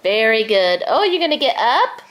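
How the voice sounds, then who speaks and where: A woman's voice: a little high, very animated, normal speed, a bit bright. A young adult woman, a mother filming a casual home vlog, talking playfully in baby talk to her son and her cat. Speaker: vlogger and mother. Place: home, indoors.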